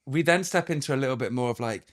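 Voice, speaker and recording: A man's voice: mid-range voice, quick pace. A man, a comedian, in a playful, theatrical casual chat. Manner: playful, theatrical, bursts into mock-grand recitation. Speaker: comedian guest.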